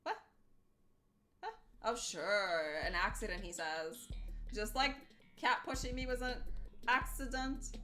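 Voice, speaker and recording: A woman's voice: a little high, slow, pauses often, bright, forceful tone. A young woman streaming a game, swearing, shrieking and laughing as she plays, chatting to viewers. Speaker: livestreamer. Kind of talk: live gameplay commentary. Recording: game music behind the voice.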